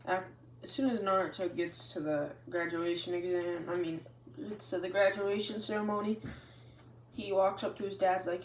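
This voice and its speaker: A woman's voice: lowish voice, steady tone, normal speed. A woman casually narrating an improvised fan story, rambling and correcting herself as she goes. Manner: rambling, restarts often. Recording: echoey room, faint noise.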